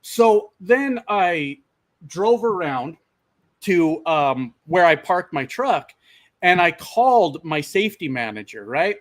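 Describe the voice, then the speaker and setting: Male trucker vlogger, slightly high voice, casual storyteller, swears a lot, talks straight to viewers. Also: slow. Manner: profane, animated, addresses viewers as "my friends". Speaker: truck driver and channel host.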